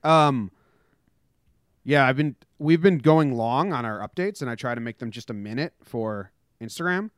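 A man's voice: mid-range voice, lively intonation, normal speed, clean tone, no echo, studio quality. A man hosting a casual podcast, joking loosely and chatting through a sports update. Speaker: podcast host.

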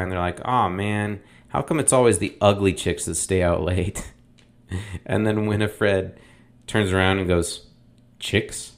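A man hosting a casual movie review, talking in a rambling, opinionated way with lots of fillers. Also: low voice. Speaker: podcast host reviewing films.

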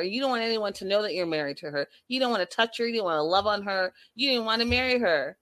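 A woman's voice: mid-range voice, lively intonation, quick pace, few pauses, fairly bright tone, no echo. A woman commenting on a reality show in a sassy, exasperated way, repeating herself for emphasis while reading viewer chat.

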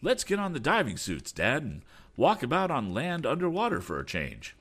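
A man voicing an eager, excitable teenage boy inventor who talks in quick exclamations in a storybook reading. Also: medium pitch, pitched above the performer's own voice. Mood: excited.

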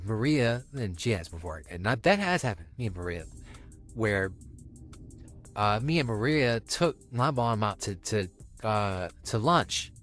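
A man's voice: medium pitch, fairly bright tone. A young man co-hosting a podcast, talking candidly and rambling in casual chat. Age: young adult. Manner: candid, rambling, restarts often. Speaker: podcast co-host.

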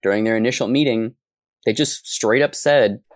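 A man's voice: mid-range voice, moderate pace, no room sound. A man co-hosting a podcast in casual chat, chiming in briefly. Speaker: podcast co-host.

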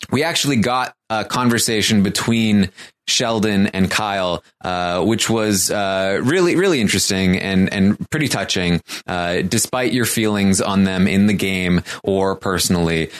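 A man giving a casual show recap, talking in a halting way with many pauses and restarts. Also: low voice.

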